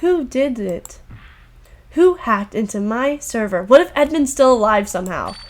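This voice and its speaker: A woman's voice: fairly high pitch, expressive, measured pace. Chatty young woman streaming a game. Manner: casual, chatty. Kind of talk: casual game stream chat.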